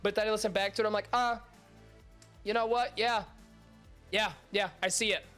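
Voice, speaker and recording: Soft music plays behind a young podcast streamer whose voice is high, steady, a bit bright, clear, and resonant, moving at a normal speed. He chats crudely and casually with viewers, congested and nasal from allergies, cracking jokes at his own expense and cursing often.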